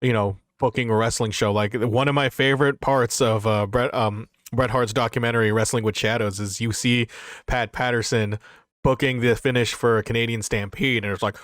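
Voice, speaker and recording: A man's voice: medium pitch, fairly even intonation, brisk, a bit bright, dry recording, studio quality. A man co-hosting a wrestling podcast, talking eagerly in casual chat. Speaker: podcast co-host.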